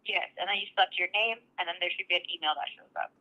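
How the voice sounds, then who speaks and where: A woman working as a tech support agent on a call, chatty and loose with filler words. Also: fairly low pitch. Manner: quick, chatty, full of "like" and "I mean". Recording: dull lo-fi phone line.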